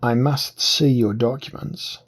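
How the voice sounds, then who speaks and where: A man's voice: medium pitch, measured pace, husky. A man doing a pompous aristocrat officer. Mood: pompous, suspicious. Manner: calm, righteous and pompous. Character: haughty male aristocratic revolutionary officer.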